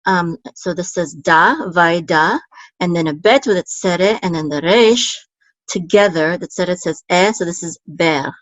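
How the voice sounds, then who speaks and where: A woman's voice: on the low side, a little slow, dry recording, poor audio. A woman teaching a word-by-word language lesson, sounding out syllables patiently, repeating them and correcting herself. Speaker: Hebrew teacher.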